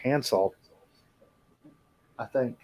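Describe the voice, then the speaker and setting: A man's voice: mid-range voice, drawn-out words, a little mellow, rough recording. A man chatting as a guest on a live stream about picture frames, hesitant and careful not to offend. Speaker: guest woodworker. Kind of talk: casual chat.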